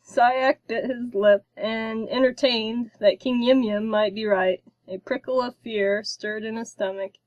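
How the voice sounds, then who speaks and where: A woman narrating a children's storybook in a slow, careful reading. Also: fairly high pitch, steady tone, darkish tone, dry recording, dull audio.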